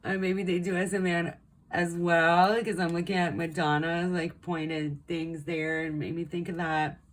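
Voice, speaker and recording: A woman's voice: lowish voice, level tone, unhurried. A young woman giving a casual pick-a-card tarot reading, rambling and chatty with lots of ums and likes. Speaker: tarot reader.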